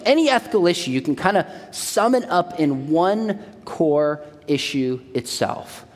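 Lively high-voiced man preaching in a hall. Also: a little slow, hardly any pauses. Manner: lively storytelling with jokes. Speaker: speaker. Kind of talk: sermon. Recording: long hall reverb.

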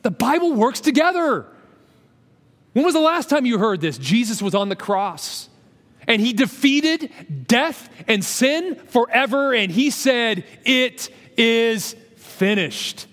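Man, high-pitched pastor, lively preaching with congregation call-outs, long hall reverb. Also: a little slow. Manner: animated, calls on the congregation to answer and speak along, joking asides. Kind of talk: sermon.

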